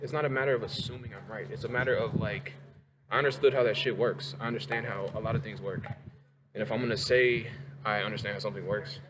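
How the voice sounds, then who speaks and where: A man's voice: on the low side, steady tone, fast, background noise. Heated, profane man ranting at home. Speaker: vlogger. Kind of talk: casual rant to camera. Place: home kitchen.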